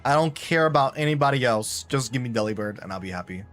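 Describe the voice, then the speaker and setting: A man's voice: medium pitch, lively intonation, fast talker, fairly bright tone, soft background music. Chatty man streaming a game. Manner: chatty, rambling, talks to chat. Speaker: live-streamer. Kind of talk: casual gameplay commentary.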